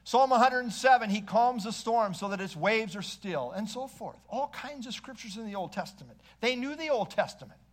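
A high-voiced man delivers an expository sermon. He reads scripture aloud dramatically, then drops his voice to a near hush for quoted words. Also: expressive, moderate pace, few pauses. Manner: expository preaching with dramatic quoted readings and sudden hushes. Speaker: pastor.

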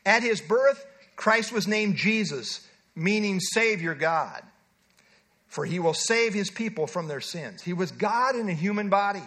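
Middle-aged male pastor, high-pitched, earnest emphatic sermon delivery. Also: expressive, a bit bright. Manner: earnest, emphatic preaching with slow stressed phrases.

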